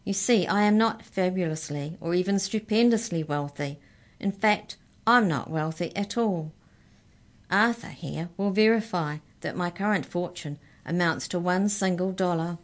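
A clever little mouse in a children's storybook speaks with precise, formal politeness, as a woman reading aloud voices it. The voice sits low and measured. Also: lightly acted. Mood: explaining.

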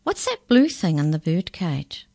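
A woman voicing a suspicious, officious giant white rat officer with a gravelly, demanding voice. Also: on the low side, wildly swooping pitch, a little slow, a little mellow, no echo, exaggerated voice. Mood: stern. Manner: stern, demanding, incredulous.

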